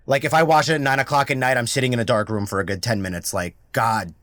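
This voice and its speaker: A man co-hosting a casual review podcast, talking earnestly with halting restarts. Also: medium pitch, fairly even intonation, fairly bright tone, no echo, clean studio sound. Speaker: podcast co-host.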